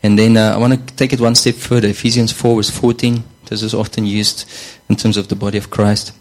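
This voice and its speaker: A man's voice: fairly low pitch, flat delivery, a little fast, rough recording. A man preaching a sermon in a conversational way, often repeating words and saying "you know".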